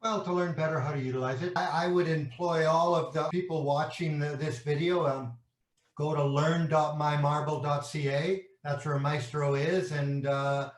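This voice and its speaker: A man's voice: fairly high pitch, steady tone, normal speed, echoey room. A man from Canada, a company executive, explaining his products in an interview, asking rhetorical questions and using everyday analogies, with frequent restarts.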